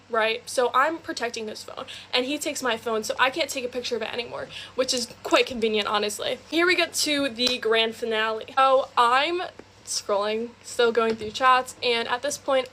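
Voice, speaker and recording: A woman's voice: on the high side, pushed and bright, a little hiss or hum. A young woman telling a personal story in a casual, chatty way, filling her speech with "like", recorded on a phone. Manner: chatty, fast, heavy use of "like".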